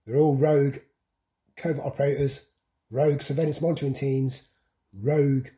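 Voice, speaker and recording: Guy ranting in a vlog, dark mellow voice, keeps listing things over and over. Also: mid-range voice. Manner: repetitive listing, insistent. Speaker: vlogger. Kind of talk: monologue to camera.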